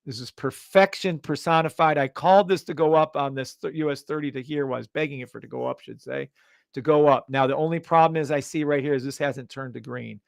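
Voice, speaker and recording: Male live-stream host, slightly high voice with gravel, dry close sound; loud, profane, hyped. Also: fairly quick, no echo. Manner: loud, hyped, profane, swings between shouting and muttering.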